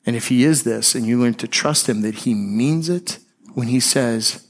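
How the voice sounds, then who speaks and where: A pastor with a mid-range voice preaches in a conversational manner. On key phrases, he slows down and softens.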